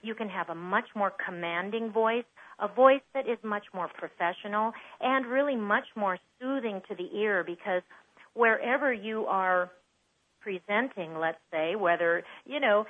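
A woman voice coach explaining how to speak well as a guest in an interview, with fillers and restarts. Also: medium pitch. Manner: warm explanatory, demonstrates voices. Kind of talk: interview over the phone. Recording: tinny phone line.

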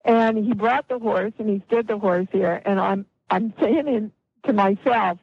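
A middle-aged or older woman, a guest healer, telling a story in an interview with animated delivery and acted-out quotes. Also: mid-range voice, a little slow, vocal fry, husky, lo-fi sound.

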